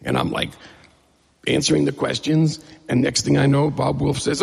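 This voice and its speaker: Middle-aged male storyteller, gravelly and husky, lively and humorous, recorded in a reverberant hall. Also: mid-range voice, moderate pace. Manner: lively, humorous, acts out dialogue. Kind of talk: personal storytelling to an audience.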